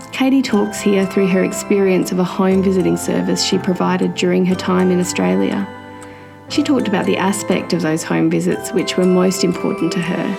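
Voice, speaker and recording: A woman's voice: fairly low pitch, creaky. A woman who is a student midwife, hosting a podcast and reading a reflective introduction. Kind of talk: scripted podcast narration.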